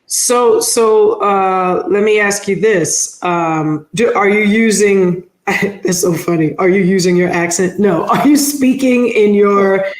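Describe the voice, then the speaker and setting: A woman hosting an interview podcast, easygoing and quick to laugh along with her guest. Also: mid-range voice, roomy sound. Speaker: podcast host.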